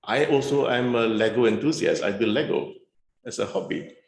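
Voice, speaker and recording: A man's voice: mid-range voice, normal speed, reverberant. A man speaking frankly with dry humour as a guest on a video-call panel. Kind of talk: conversational panel talk.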